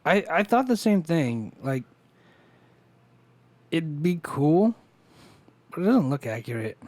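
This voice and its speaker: Excited man nerding out on a podcast. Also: fairly high pitch, takes it slowly, no room sound. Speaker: podcast co-host. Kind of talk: casual chat.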